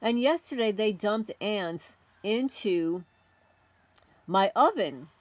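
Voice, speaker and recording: A woman's voice: medium pitch, lively intonation, takes it slowly, dry recording. A middle-aged woman hosting a homesteading channel, delivering an indignant, confrontational rant aimed at unseen tormentors. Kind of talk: ranting monologue to camera.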